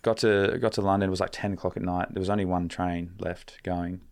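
A young man with a low, gravelly voice, telling a long story as a guest on a podcast. He rambles in a laid-back way, with plenty of fillers and the odd swear word. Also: level tone, fairly quick. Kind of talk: casual storytelling.

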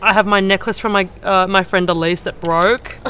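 A woman's voice: medium pitch, steady tone, moderate pace, fairly bright tone, slight background noise. A woman, hosting a casual travel vlog while walking outdoors, chatty and rambling with lots of fillers. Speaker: podcast host. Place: outdoors, walking through streets.

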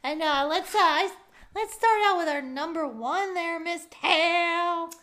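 A woman's voice: very high-pitched, a little slow, bright, forceful tone. A woman hosting an improvised comedy podcast, chatty and playful. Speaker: podcast host.

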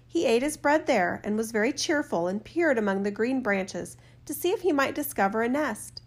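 Woman reading a fairy tale aloud. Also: on the high side. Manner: steady, measured reading. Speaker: storyteller. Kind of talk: storybook narration.

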